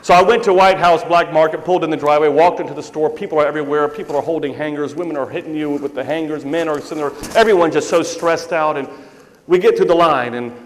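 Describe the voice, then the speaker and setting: A man's voice: on the high side, fast. Preaching man in a reverberant church. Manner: storytelling, conversational preaching with emphatic repetition. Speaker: priest. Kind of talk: sermon. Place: church sanctuary.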